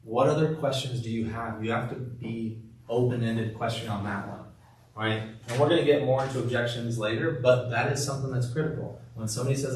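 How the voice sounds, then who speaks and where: A man leading a sales training session, acting out calm, empathetic lines he uses with patients. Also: mid-range voice, a little fast, slight background noise. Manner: demonstrates scripted patient talk, soft empathetic tone. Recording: echoey room from far off.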